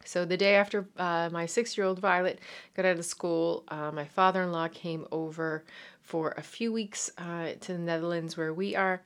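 A woman's voice: fairly low pitch, steady tone, normal speed, smooth. A woman in her thirties with a Newfoundland accent, hosting her podcast in a chatty, rambling way full of fillers and restarts. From Newfoundland, Canada. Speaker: podcast host. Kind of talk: casual chat.

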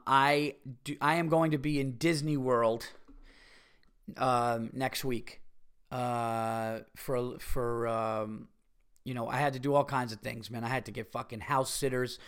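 Male comedy podcast host, solo, profane and worked-up, sharp bright tone, mid-range pitch. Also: smooth. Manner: profane, heated ranting. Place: home.

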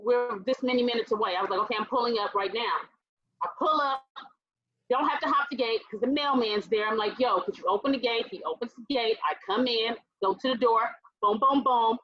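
A woman's voice: a little high, no echo, highs cut off. A woman guest on a radio talk show, animatedly telling a story and acting out the people in it. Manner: animated, acts out quoted voices, laughs while telling.

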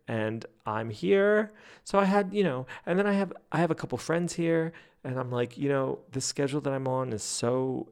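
A man hosting a fan podcast, telling stories and chatting in a gossipy, animated way that breaks into laughs. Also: medium pitch, vocal fry, clean tone. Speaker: podcast host. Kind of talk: casual chat.

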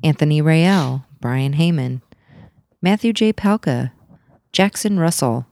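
A woman's voice: deep voice, expressive, takes it slowly, dark tone, dry recording, studio quality. A young woman co-hosting a casual podcast, playful and teasing, often laughing. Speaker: podcast co-host. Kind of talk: casual chat.

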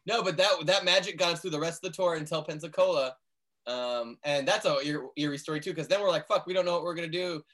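A man in a band, telling tour stories in casual chat, animated and swearing freely. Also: a little high, fast. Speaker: band member.

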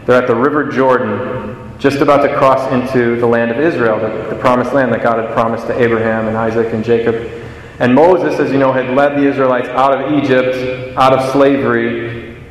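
Young man preaching in an echoey church. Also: mid-range voice. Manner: conversational, self-deprecating storytelling. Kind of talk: homily. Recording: echoey church with long reverb.

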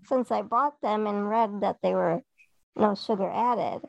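A woman's voice: mid-range voice, measured pace, gravelly, dry recording, highs cut off. A woman co-hosting a podcast in casual chat, telling rambling stories and acting out what others said. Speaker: podcast co-host.

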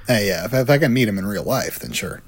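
A man's voice: on the low side, expressive, quick pace, husky. A man co-hosting a podcast in casual chat, wry and matter-of-fact. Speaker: podcast co-host.

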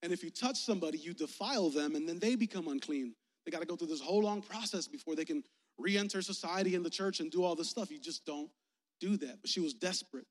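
This youth pastor, a young man, has a slightly high voice and a quick pace. His sermon is relaxed and playful, more like a conversation that draws the audience in. It's recorded in an echoey hall.

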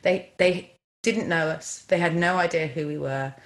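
Woman director just chatting, low voice, lots of "like" and restarts, gets animated telling stories. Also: moderate pace. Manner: animated, chatty, many fillers. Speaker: film director. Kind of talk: casual interview storytelling.

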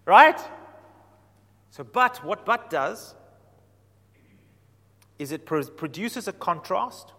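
Animated male preacher in a reverberant hall. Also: fairly high pitch. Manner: animated, swings from quiet to emphatic. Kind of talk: sermon.

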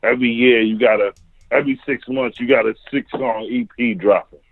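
Speaking from a home basement, this New York–accented man from Harlem spins relaxed, slang-filled stories in casual conversation. His voice is mid-range and steady, a little fast, with no echo but a tinny phone-like sound.

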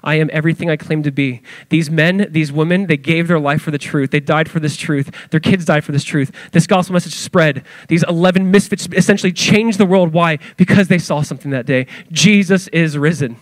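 A male pastor preaching an animated sermon to his church, acting out quoted voices as he goes. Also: a little high, fairly quick, hardly any pauses, dry recording.

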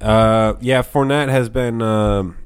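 A man's voice: fairly low pitch, steady tone, takes it slowly, clear, resonant tone. A man co-hosting a podcast, chatting loosely about fantasy football picks and swearing often. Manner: loose, joking, swears a lot. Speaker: podcast co-host.

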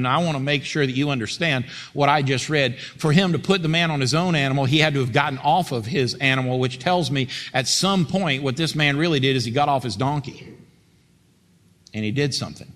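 A man's voice: mid-range voice, brisk, a bit bright, big-room sound. A male pastor preaching a sermon emphatically, repeating his points and speaking straight to his congregation in a church.

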